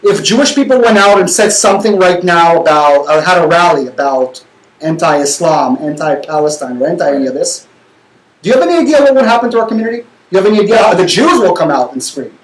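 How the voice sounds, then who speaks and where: A man hosting a talk show, arguing passionately and fast, repeating words when worked up. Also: sits high, expressive, reverberant, low-quality recording. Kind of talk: heated talk-show debate.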